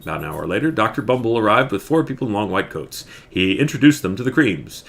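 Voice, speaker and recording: A man reads a children's picture book aloud in a bright, forceful voice, and his pitch moves a great deal as he goes. He is animated and drops in joking asides. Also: fast talker, vocal fry, hardly any pauses. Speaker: streamer reading a picture book.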